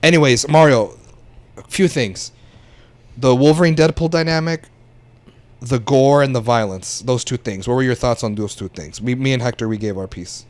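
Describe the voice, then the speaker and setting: A young man talking casually on a podcast, slangy and animated, throwing out quick opinions. His voice sits at an everyday middle pitch for a man. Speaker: podcast co-host. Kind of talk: casual chat.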